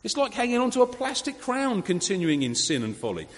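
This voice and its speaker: A man preaching a sermon, conversational and lively, full of rhetorical questions. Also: sits high, brisk. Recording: long hall reverb.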